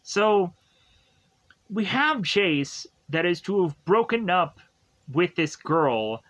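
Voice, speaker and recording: Man, young adult, casual rambling commentary, jokey asides, slightly high-pitched. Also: big pitch swings, slow, fairly bright tone, muffled recording. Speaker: show reviewer.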